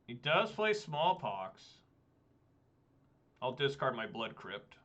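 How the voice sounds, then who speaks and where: Bright-voiced man muttering gameplay commentary. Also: mid-range voice, very animated, slow, muffled recording. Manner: swears often, talks to himself while playing. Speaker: gameplay streamer.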